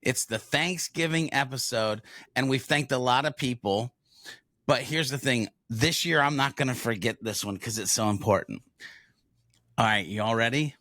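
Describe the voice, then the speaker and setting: A man's voice: mid-range voice, moderate pace, bright, forceful tone, no room sound, clean studio sound. A middle-aged man co-hosting a casual podcast, earnest and reflective, building to emphatic thanks. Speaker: podcast co-host. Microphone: video podcast camera with close mic.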